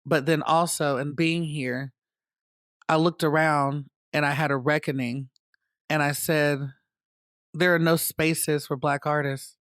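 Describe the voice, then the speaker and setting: A man from North Carolina tells his story in a reflective, measured way for a documentary interview. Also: fairly high pitch, fairly even intonation, no echo, clean studio sound. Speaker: dance company founder. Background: soft guitar music.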